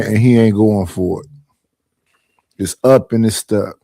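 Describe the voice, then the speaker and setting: A man's voice: on the low side, a little slow, vocal fry, warm tone, dry recording. A man giving casual, slangy commentary on a clip, emphatic about the point he makes. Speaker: commentary channel host.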